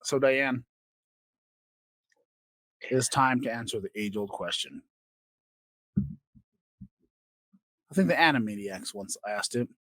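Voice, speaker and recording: Animated man ranting crudely. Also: medium pitch, slow pace, pauses often, no room sound. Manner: crude, animated, swings between loud and quiet. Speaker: podcast host. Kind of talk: comedic rant.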